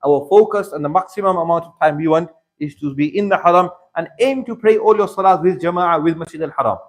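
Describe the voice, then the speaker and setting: A man's voice: on the high side, fast talker. A man with a British English accent teaching a religious workshop in a mosque, earnestly urging his listeners and repeating points for emphasis. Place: mosque hall.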